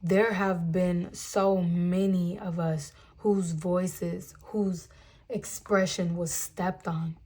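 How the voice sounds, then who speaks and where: A woman's voice: on the low side, fairly even intonation, mellow, husky. A young woman giving a channeled tarot reading to her viewers, speaking earnestly and emphatically and drawing out her words. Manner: earnest, emphatic, drawn-out spiritual talk; addresses viewers as "guys". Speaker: tarot reader.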